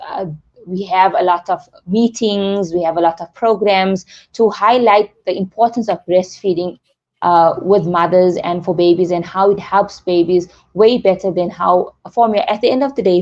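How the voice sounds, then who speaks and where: A middle-aged woman takes part in a radio interview as a breastfeeding support leader. She comes through a dull, lo-fi line. She explains things earnestly, with simple step-by-step examples, at a middle pitch for a woman. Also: steady tone, normal speed, darkish tone.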